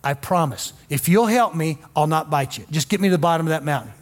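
A man voicing a sly male poisonous snake that pleads in a low, hushed, wheedling tone in a sermon story. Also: fast talker, natural voice.

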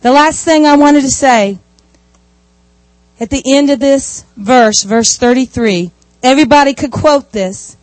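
High-voiced woman preaching. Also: a little slow, dry recording. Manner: animated storytelling with asides. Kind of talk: sermon.

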